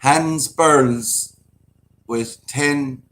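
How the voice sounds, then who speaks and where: A man's voice: medium pitch, very slow, a bit bright, a little hiss or hum. Joking man co-hosting a stream. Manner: joking, teasing banter. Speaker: co-host of a live chat. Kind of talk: casual live-stream chat.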